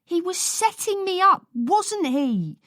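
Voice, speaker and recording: A woman voicing an angry, tearful young boy in an audiobook, shouting and wailing. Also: extremely high pitch, very animated, slow pace, dry recording, studio quality, voice pushed up, heavily acted. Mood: upset. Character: angry tearful boy, defiant older brother. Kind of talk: audiobook character voice.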